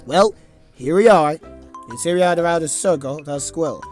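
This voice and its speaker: Rambling man, slightly high voice. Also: lively intonation, moderate pace. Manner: rambling, jumbled, playful. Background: music.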